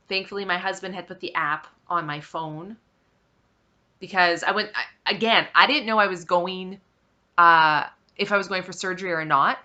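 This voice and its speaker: A woman's voice: on the low side, sharp tone. A woman vlogger telling a personal story in a casual way, acting out bits of dialogue, with lots of fillers. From Saskatchewan, Canada. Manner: retells events with quoted dialogue, many fillers.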